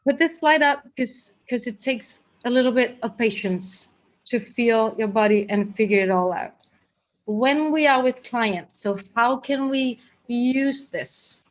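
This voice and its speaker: A fairly high-voiced woman leads a live group class as its teacher. She talks in a chatty, guiding way, often restarting her sentences as she goes. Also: measured pace. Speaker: workshop teacher.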